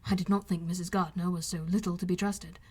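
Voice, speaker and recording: A woman voicing an earnest, remorseful gentleman. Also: on the low side, level tone, fast talker, slightly rough. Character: proud reserved young gentleman, earnest and remorseful. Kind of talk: audiobook character reading.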